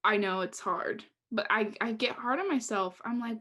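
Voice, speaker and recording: A woman's voice: on the high side, normal speed, few pauses, sharp tone. A young woman co-hosting a podcast in casual chat, candid and jokey, often breaking into laughter. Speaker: podcast co-host.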